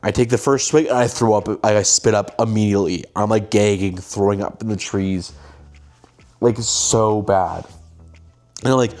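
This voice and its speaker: Animated young man telling a story. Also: lowish voice, moderate pace, soft background music. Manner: animated, acts out quoted lines. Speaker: host, filmmaker. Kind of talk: casual storytelling monologue.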